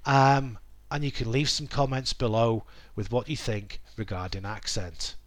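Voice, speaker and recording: A man hosting a solo educational podcast, explaining things in a measured way with frequent ums. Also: mid-range voice, fairly even intonation. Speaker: podcast host.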